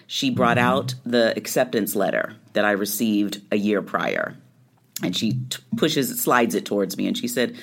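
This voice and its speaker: A middle-aged woman, an interview guest, telling a personal story in conversation with lively, acted-out quotes. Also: very deep voice, measured pace, creaky. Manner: animated storytelling, acting out quoted lines.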